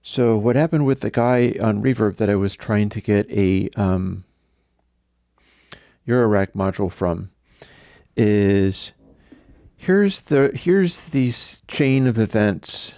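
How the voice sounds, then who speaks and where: A man's voice: on the low side, slow pace, mellow, no echo, clean studio sound. A man hosting a livestream, telling a story in a rambling, conversational way. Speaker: livestream host. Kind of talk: casual livestream chat.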